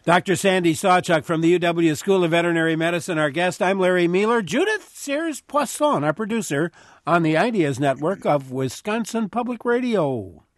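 A man's voice: high-pitched, no echo, clean studio sound. A man hosting a public radio call-in show, reading phone numbers and plugs and welcoming callers. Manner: friendly announcer reads, quick plugs. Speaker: radio host. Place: radio studio.

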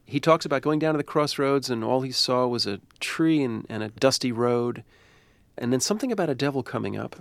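A man's voice: medium pitch, expressive, fairly quick, creaky, no room sound. A man, a university professor, answering interview questions in a thoughtful, discursive way.

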